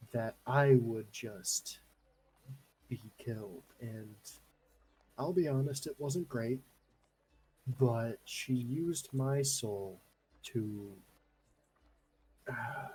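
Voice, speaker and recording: A man's voice: medium pitch, extremely slow, pauses often, dark tone, slight background noise, rough recording. A man speaking as his character in a tabletop game, hesitant and wry with rambling asides. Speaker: player. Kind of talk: in-character tabletop role-play.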